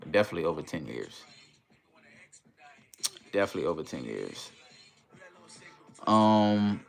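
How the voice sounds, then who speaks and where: A man hosting a casual livestream in a relaxed, easygoing way, reading viewer comments aloud and greeting them. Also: low voice, gravelly. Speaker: livestream host.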